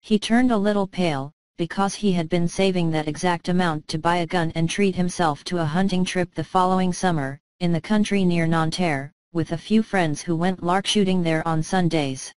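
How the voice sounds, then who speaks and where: A woman narrates a classic short story in a calm, measured reading. Her voice is low and smooth, and the close recording is dry with no room sound. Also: dry recording, rough recording. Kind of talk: scripted narration.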